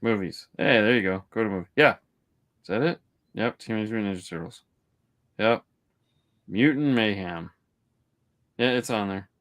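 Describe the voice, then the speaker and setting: In a relaxed movie-review chat, a man co-hosting a podcast rambles through stories, often restarting and pausing frequently. His pitch is fairly low, his tone a bit bright, and he speaks at normal speed.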